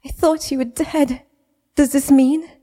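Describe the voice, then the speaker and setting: A woman's voice: on the high side, animated, normal speed, a little mellow, voice pushed up. A woman voicing a distraught, tearful young woman who stammers through sobs, read as an audiobook. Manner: stammering, sobbing.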